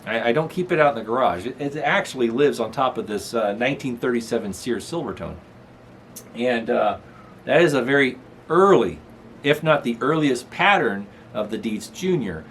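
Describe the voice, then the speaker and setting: A man's voice: medium pitch, expressive, moderate pace, a bit bright, slight background noise. A middle-aged man rambles through a casual home vlog, chuckling now and then. His voice rises and falls a lot. A faint room ambience sits underneath. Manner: rambling, chuckling, talks baby-talk to his dog. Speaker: channel host. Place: apartment room.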